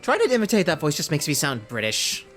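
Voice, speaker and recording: A man's voice: on the high side, huge pitch swings, fast, fairly bright tone, soft background music. A man giving casual gameplay commentary, chatty and self-deprecating, with laughing asides. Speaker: let's play host.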